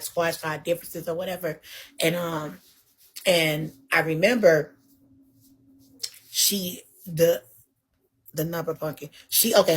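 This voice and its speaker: A woman telling a story in a casual, animated way, laughing often and swearing freely. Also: low voice, breathy edge. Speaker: guest.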